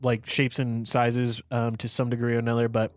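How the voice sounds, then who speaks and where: A man's voice: medium pitch, completely flat delivery, normal speed, faint music behind. A man co-hosting a podcast, reviewing a movie in casual, rambling chat full of fillers and restarts. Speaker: podcast co-host.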